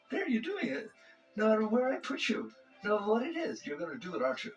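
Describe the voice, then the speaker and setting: A man's voice: high-pitched, wildly swooping pitch, a little fast, highs cut off, soft background music. A man giving a conversational spiritual talk to an audience. He asks rhetorical questions and often chuckles. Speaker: spiritual teacher.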